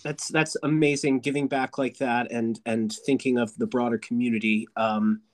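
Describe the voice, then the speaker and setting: A man's voice: mid-range voice, flat delivery, moderate pace. An American man hosting an interview podcast, casual and self-deprecating, with hesitant starts. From United States. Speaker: podcast host.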